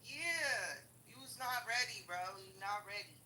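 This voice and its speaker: A woman with a very bright, sharp, forceful voice rants casually about her past. She is blunt and profane, heavy on slang, and laughs through her own stories. A faint hiss sits behind her. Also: mid-range voice, a little fast, poor audio. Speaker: vlogger. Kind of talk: casual storytelling rant.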